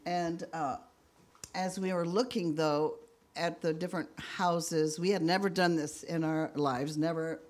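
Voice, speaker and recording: Halting, candid woman sharing testimony. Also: sits low, fairly even intonation. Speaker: minister's wife giving testimony. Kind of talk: personal testimony to a congregation.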